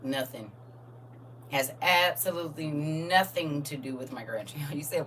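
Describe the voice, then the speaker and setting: An older woman, hosting a casual live chat, laughing and swinging between soft asides and loud high bursts. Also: a little slow, distant mic, slight background noise. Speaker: host reading viewer comments.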